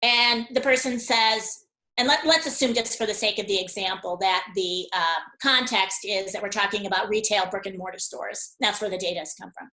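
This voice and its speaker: A woman guest on a webinar, explaining ideas through an animated story and acting out the dialogue as she goes. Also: medium pitch, moderate pace, roomy sound, low-quality recording. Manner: animated storyteller who acts out dialogue, with frequent laughs.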